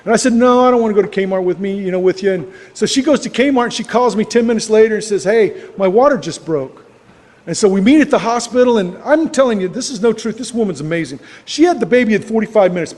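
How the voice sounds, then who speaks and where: A man's voice: high voice, fast, few pauses, a little mellow, in a large hall. An older man telling his personal story to a recovery meeting, plainspoken and rambling, with lots of fillers. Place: club meeting hall.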